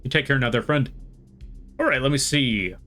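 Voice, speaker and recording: A man with a relaxed American accent that has a slight Southern twang chats casually on a live stream. He rambles in a friendly way and greets viewers by name. His pitch sits in an ordinary middle range, with faint music playing behind him. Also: moderate pace. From western United States. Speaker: art streamer.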